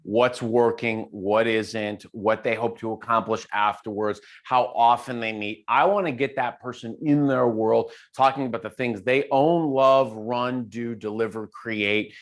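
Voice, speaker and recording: A male keynote speaker being interviewed over a video call. He talks in an animated, storytelling way, repeating words and restarting sentences as he goes. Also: medium pitch, a little slow, few pauses. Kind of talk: casual conversational interview.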